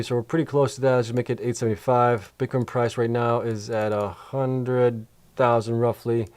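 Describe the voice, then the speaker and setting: A man's voice: mid-range voice, a little mellow. A man hosting a casual livestream, tired and yawning, thinking aloud as he rambles through spreadsheets and answers questions. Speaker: host of a crypto mining channel.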